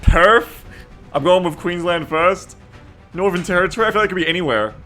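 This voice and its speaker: A man's voice: high voice, brisk, bright, forceful tone, soft background music. A man streaming a strategy game, chatting casually with viewers and reading their messages aloud in a playful, teasing way, laughing often.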